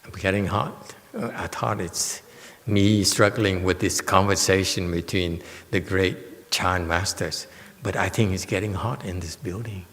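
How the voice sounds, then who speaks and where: A man's voice: sits low, fairly even intonation, unhurried, a bit bright, long reverb tail. A man as a Buddhist master giving a dharma lecture on a sutra, blunt and teasing, often checking in with "okay?". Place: temple lecture hall.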